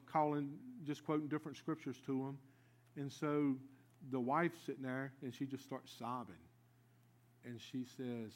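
A medium-pitched man preaches a sermon like a folksy storyteller. He swings between loud, lively asides and quiet, earnest stretches.

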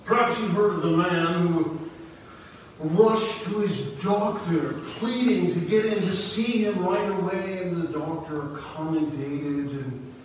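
A man preaching a sermon through a face mask, slow, deliberate and emphatic, stretching his key words. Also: sits high. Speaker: pastor. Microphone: speaking through a face mask. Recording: echoey hall, distant mic, hiss.

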